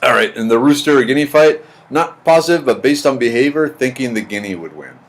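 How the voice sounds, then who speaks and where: A man's voice: medium pitch, lively intonation, fairly quick. Rambling man greeting stream viewers. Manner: rambling, greets viewers by name, dry jokes. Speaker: live stream host reading chat. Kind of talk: casual chat. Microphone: computer's built-in mic, not his usual one.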